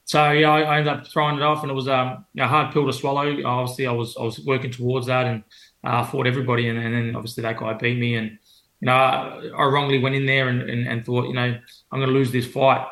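A young Australian man, a professional boxer appearing as a guest, tells stories in a casual interview, rambling loosely with plenty of fillers and restarts. His mid-range voice is a bit bright, his delivery flat, and he talks fast. The recording has a roomy echo.

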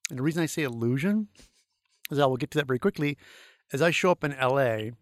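A middle-aged man from St. Louis tells animated, rambling stories as a podcast guest, with lots of uh's and restarts. His voice sits at an ordinary pitch and sounds close and dry. His tone is easygoing. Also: fast talker, dry recording. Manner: animated, rambling anecdotes with many fillers. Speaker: guest, creature effects artist. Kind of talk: casual storytelling interview.

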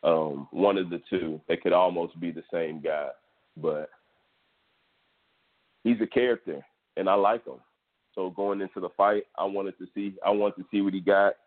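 A man's voice: low-pitched, steady tone, normal speed, long pauses. A Texan man hosting a podcast, telling a sports story in a loose, profane, casual monologue. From Texas, US. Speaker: podcast host. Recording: tinny phone-like audio.

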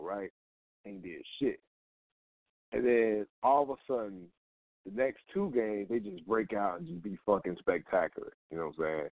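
Here a low-pitched man hosts a casual, profane rant show, blunt and repetitive as he fires rhetorical questions at the things he hates. There's no room sound, and the audio is dry and tinny, like a phone.

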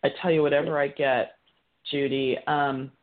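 A woman's voice: a bass voice, fairly even intonation, normal speed, phone-quality sound. A woman psychic medium giving a live reading on a call-in show, chatty, relaying messages as quotes.

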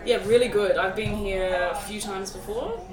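A woman's voice: mid-range voice, fairly even intonation, moderate pace. A woman from Australia with an Australian accent, a singer-songwriter chatting casually in an interview. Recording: roomy, distant, music and crowd behind.

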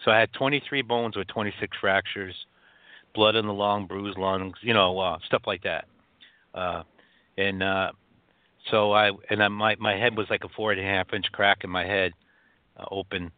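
A man from upstate New York telling his own story as a guest, halting, with many restarts and fillers, over a phone line. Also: lowish voice, steady tone, smooth, dry recording. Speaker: guest author.

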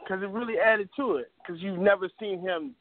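A man co-hosting a wrestling talk show, speaking haltingly and repeating himself. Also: high voice, dry recording. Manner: halting, repeats himself, lots of "you know". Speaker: podcast co-host. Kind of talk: casual wrestling chat. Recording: dry phone-line audio.

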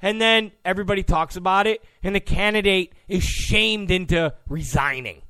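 A male political commentator delivers a mocking opinion monologue, often acting out the people he quotes in put-on voices. His voice is high and sharp-toned, at a normal speed. The tone is clean, recorded as clean studio sound with no room sound.

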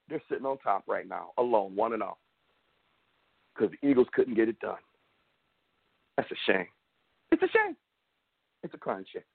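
A man hosts a sports talk show and rants with big swings in pitch. His voice sits a little high for a man. The sound is tinny and phone-like, with a dry, close feel. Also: breathy edge, dry recording. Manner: animated, mocking, ranting.

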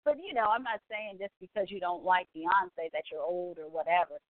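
A woman in her forties hosting a show, chatting casually in an excitable, gushing way full of exclamations. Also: on the low side, normal speed, no room sound. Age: 40s. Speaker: podcast host. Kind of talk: casual chat. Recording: tinny phone-like line, dry.

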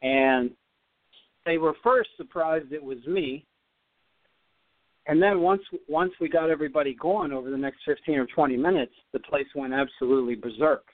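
A man, a former tennis player, telling a story as a podcast guest, animated and often repeating words as he goes. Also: fairly high pitch, moderate pace, no room sound. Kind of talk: storytelling in an interview. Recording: dry, phone-like line.

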